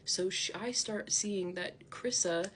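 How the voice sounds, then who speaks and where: A woman's voice: medium pitch, takes it slowly, a little hiss or hum. A woman vlogger ranting to camera, indignant and defensive, her talk full of "like" fillers.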